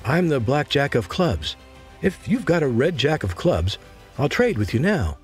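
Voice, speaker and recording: A man's voice: medium pitch, sing-song, measured pace, soft background music. A man doing a sly, easygoing bald teen trader. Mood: easy, sly. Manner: easygoing, smooth-talking. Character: calm, sly bald teenage boy trader.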